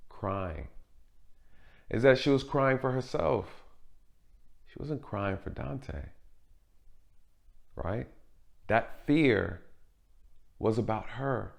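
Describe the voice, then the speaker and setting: Earnest guy doing a commentary review, super gravelly, asks lots of questions. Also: fairly low pitch. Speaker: commentary host. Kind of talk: courtroom video commentary.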